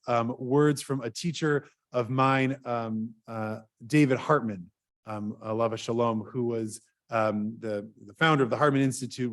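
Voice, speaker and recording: Rabbi, male, slightly higher voice; earnest conversational sermon from the bimah, relaxed with ums. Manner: earnest, conversational, with fillers and lively swings in loudness. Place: synagogue sanctuary.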